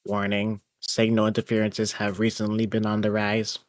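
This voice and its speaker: A man voicing a stern network announcer in a flat, robotic monotone for a fan-voiced game. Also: on the low side, moderate pace, no room sound, close to an everyday voice.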